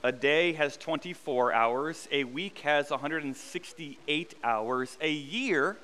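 A man's voice: a little high, takes it slowly, sharp tone, big-room sound. A man in his thirties preaching a sermon, in a conversational tone with self-deprecating humor, repeating phrases for emphasis. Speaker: pastor. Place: church sanctuary.

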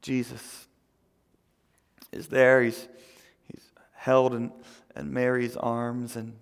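A male pastor giving a conversational sermon who swings between loud emphasis and near whispers, often repeating words, in a church. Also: mid-range voice, level tone, takes it slowly, creaky, big-room sound.

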